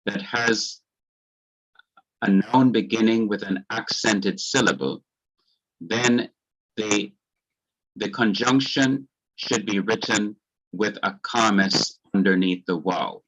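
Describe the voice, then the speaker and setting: A man with a Jamaican accent teaches a Hebrew grammar class, going through each point slowly, patiently and carefully. His voice is lowish with a fairly bright tone, and the sound is lo-fi.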